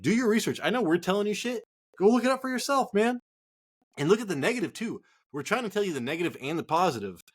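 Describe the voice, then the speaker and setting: A man's voice: a little high, slightly rough. A man co-hosting a fantasy football show, ranting casually with heated swearing. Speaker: fantasy football podcast co-host. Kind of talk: casual profane rant.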